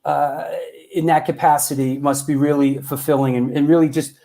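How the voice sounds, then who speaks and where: A man hosting an interview show, asking halting questions with lots of stammers and casual swearing. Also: a little high, level tone, vocal fry, dark tone. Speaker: host.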